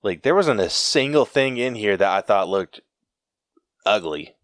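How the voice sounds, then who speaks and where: A young man co-hosting a podcast, telling a laughing, animated anecdote in casual chat, full of fillers and restarts. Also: on the low side, measured pace, dry recording. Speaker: podcast co-host.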